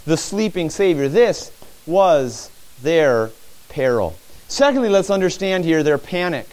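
A man preaching a sermon in church, animated, acting out the disciples' cries as he teaches. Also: sits high, unhurried.

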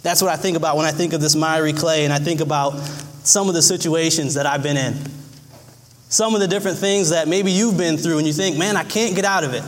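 A man's voice: a little high, fairly even intonation, brisk, long reverb tail. A man preaching a sermon, earnest and folksy, who acts out little scenes as he speaks. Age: adult.

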